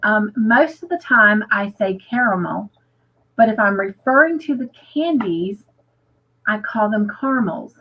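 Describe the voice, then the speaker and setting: A woman's voice: mid-range voice, lively intonation, a little slow, dull audio. An American woman hosting a casual livestream chat, upbeat and chatty, reading viewer comments aloud. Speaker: livestream host.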